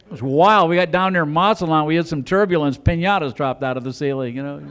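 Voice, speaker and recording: A man doing a stand-up comedy set in a club, telling rambling stories and chatting with the audience, now and then jumping into loud put-on voices. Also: fairly high pitch, fast talker, clear, resonant tone.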